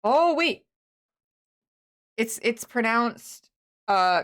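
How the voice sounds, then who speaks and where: A woman streaming a game, chatting casually and rambling with many fillers and restarts, with excited bursts and soft, muttered asides. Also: mid-range voice, normal speed. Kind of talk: casual live-stream chatter while playing.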